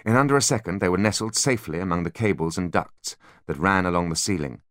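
A man narrating an audiobook in an expressive, dramatic way. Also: sits low, fast talker, dry recording, studio quality. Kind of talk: scripted narration.

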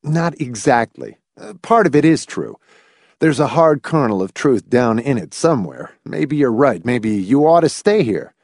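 A man's voice: medium pitch, expressive, unhurried, darkish tone, no room sound, studio quality. A man voicing a blunt, sardonic grown man who lectures in a wry, cutting way.

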